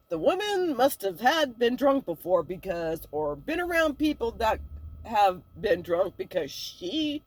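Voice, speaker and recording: Animated woman telling a hangover story. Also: on the high side, slow. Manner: animated, acts out the dialogue, laughs while telling; self-mocking, with many fillers and restarts. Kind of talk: casual personal storytelling.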